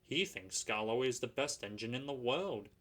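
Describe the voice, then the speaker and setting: A man reading a children's story aloud in a measured, expressive way. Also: mid-range voice, a little hiss or hum.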